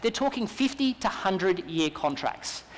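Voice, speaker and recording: A man's voice: sits high, a little slow. Australian man speaking in an echoing hall. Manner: energetic, persuasive storytelling. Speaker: business speaker. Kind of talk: conference keynote talk. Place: large conference hall. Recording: long hall reverb.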